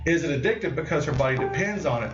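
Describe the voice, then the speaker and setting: A man with a fairly high voice rambles through a casual story on a live stream, acting out what people said. He sits well back from the mic in an echoey room, and the sound is a little dull. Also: fast talker, distant mic, music in the background. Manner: rambling, animated, with lots of restarts and acted-out quotes. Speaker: host of a live cannabis stream.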